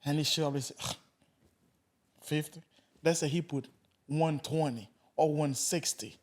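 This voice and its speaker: A man hosting a podcast, telling stories in a casual, animated way and swearing freely. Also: on the high side, moderate pace. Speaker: podcast host.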